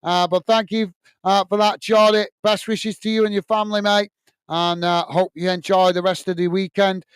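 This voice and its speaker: High, smooth-voiced English man chatting. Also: flat delivery, moderate pace, no echo. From England. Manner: chatty, repeats "mate", many "uh" fillers. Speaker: host of a football watch-along stream. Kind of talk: casual live-stream sign-off, reading viewer comments.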